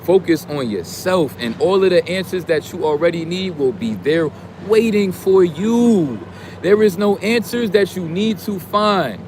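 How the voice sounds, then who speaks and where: A man delivers a casual motivational rant thick with street slang and swearing, swinging from calm preaching to loud, heated outbursts. His voice sits on the high side for a man. Traffic and street noise come through clearly behind him. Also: measured pace. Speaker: streamer giving motivational talk.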